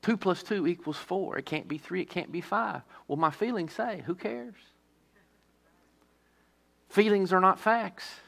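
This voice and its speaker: Gravelly and somewhat high, this male pastor's sermon leans heavily on stressed key words, then eases into hushed, slower side remarks. He frequently poses rhetorical questions to those listening.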